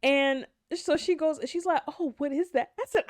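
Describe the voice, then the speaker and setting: A young woman with a fairly high voice, chatting casually as a podcast co-host. She tells her stories with energy, leaping up in pitch whenever she quotes someone. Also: normal speed, hardly any pauses. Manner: animated storyteller, acts out quotes with big pitch jumps. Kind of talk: casual chat, storytelling.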